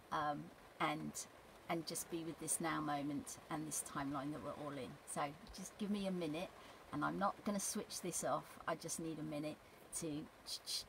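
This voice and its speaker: A woman giving an unscripted spiritual teaching, gentle and halting with many pauses and restarts. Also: low-pitched, creaky, slight background noise, poor audio.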